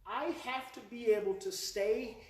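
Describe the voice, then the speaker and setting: A man's voice: very high-pitched, unhurried. A man in his forties from Oklahoma, with an Oklahoma accent, giving a live workshop talk to parents, telling stories with emotion and repeating his key phrases. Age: 40s. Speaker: parenting educator and presenter. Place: presentation hall before a live audience. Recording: roomy live hall, voice picked up from a distance, faint noise.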